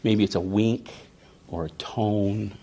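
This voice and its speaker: A therapist, male, presents at a conference in a fairly low, mellow voice with fairly even intonation and a slow pace. He tells stories conversationally, impersonating parent and child voices and asking the audience "right?" often.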